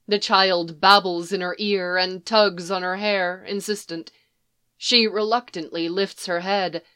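A woman reading fan fiction aloud in a soft, even storytelling manner. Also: medium pitch, smooth. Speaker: reader.

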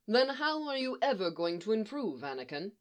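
A woman voicing a calm male Jedi master who speaks reasonably, with a dry, teasing edge. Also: mid-range voice, moderate pace, pitched above the performer's own voice, natural voice.

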